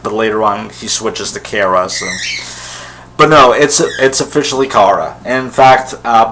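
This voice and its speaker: Bright-voiced man rambling in a vlog. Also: medium pitch, a little hiss or hum, poor audio. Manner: rambling, enthusiastic fan talk with many fillers. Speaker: vlogger. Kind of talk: casual solo vlog commentary.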